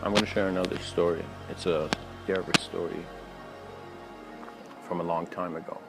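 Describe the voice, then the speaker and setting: Man with a lowish voice, laid-back rambling lecturer, loud music underneath. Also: normal speed, vocal fry, low-quality recording. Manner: relaxed, rambling, many fillers. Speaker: spiritual lecturer. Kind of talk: casual spoken lecture with storytelling. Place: outdoors near train tracks.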